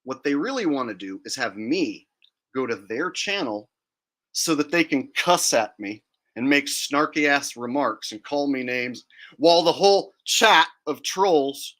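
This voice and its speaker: A man's voice: mid-range voice, expressive, a little slow, fairly bright tone. A man hosting a livestream, talking in a blunt, defiant and profane way. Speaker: livestream host. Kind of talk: casual livestream rant.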